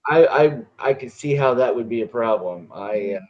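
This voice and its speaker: A man's voice: mid-range voice, animated, moderate pace, darkish tone, highs cut off. A man hosting an interview, talking in a rambling way with many fillers and restarts. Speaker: interviewer, host. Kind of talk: casual interview chat.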